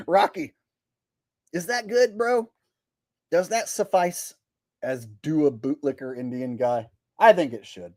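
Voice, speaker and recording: A man's voice: on the high side, animated, a little slow, long pauses, a little mellow, no room sound, studio quality. Sarcastic man hosting a livestream. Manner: sarcastic, rambling, stammers. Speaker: livestream host. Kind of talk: casual chat reading viewer messages.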